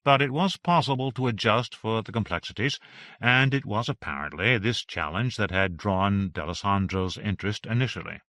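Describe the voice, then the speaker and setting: A man narrating an audiobook in a steady, even reading. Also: lowish voice, normal speed, dry recording.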